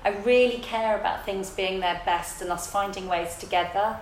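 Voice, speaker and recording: A woman's voice: medium pitch, moderate pace, a little hiss or hum. Reflective woman in a roomy space. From south London, England. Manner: reflective, animated storyteller. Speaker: theatre director. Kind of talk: casual interview conversation. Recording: roomy echo.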